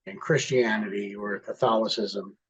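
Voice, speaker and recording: A man's voice: lowish voice, fairly even intonation, moderate pace, slightly rough, muffled recording. A man co-hosting a casual bodybuilding podcast, laid-back and casually swearing. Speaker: podcast co-host. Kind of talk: casual chat.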